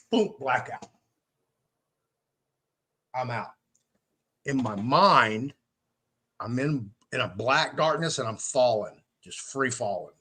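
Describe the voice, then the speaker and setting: A podcast host with a husky, mid-range voice tells a story in a casual, animated manner. He swears freely and acts out what other people said.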